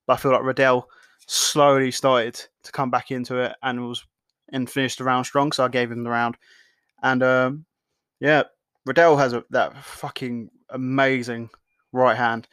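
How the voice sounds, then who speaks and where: A man's voice: mid-range voice, fairly bright tone, dry recording, clean studio sound. A man hosting a podcast, recapping fights in casual, blunt talk full of swearing and fillers. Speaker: podcast host.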